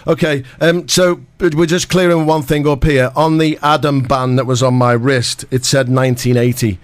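A man's voice: medium pitch, little pitch movement, normal speed, no room sound. A man in his late thirties co-hosting live radio, teasing his mother with dry humor. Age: late 30s. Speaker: radio co-host.

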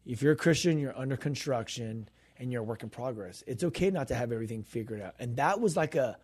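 A man's voice: mid-range voice, lively intonation, fast, a little mellow, slightly rough. A man co-hosting a faith podcast, telling a story in a casual chat and acting out the quoted dialogue. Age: adult, grown pastor's kid. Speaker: podcast co-host and minister.

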